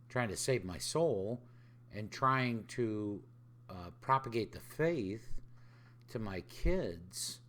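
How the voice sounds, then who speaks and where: A man with a fairly low voice talks slowly, as a podcast host sharing his thoughts. His pitch swings widely as he acts out short bits of dialogue and asks rhetorical questions. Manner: conversational, quotes others in dialogue, rhetorical questions. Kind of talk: casual spoken reflection.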